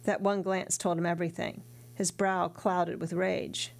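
Woman reading an old novel aloud, low pitch, gravelly, steady and earnest. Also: unhurried. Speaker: audiobook narrator.

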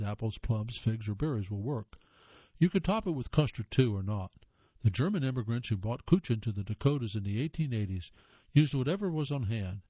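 A man's voice: mid-range voice, dark tone, no room sound. Man reading aloud, dull recording. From American South. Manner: reads aloud with casual asides and self-corrections. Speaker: reader. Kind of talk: reading magazine items aloud.

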